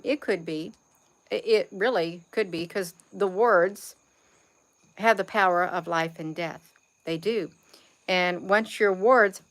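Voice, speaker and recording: A woman's voice: mid-range voice, a bit bright. Rambling woman talking to viewers. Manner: rambling, repeats phrases, addresses viewers as "you all". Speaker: vlogger. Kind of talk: casual spiritual monologue.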